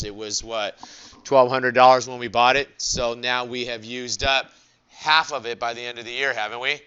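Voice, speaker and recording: A man lectures on accounting, repeatedly tossing rhetorical questions at his students. His voice is smooth and resonant, with a mid-range pitch. The recording is dry and somewhat dull. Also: no echo. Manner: asks the class rhetorical questions, animated. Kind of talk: classroom lecture.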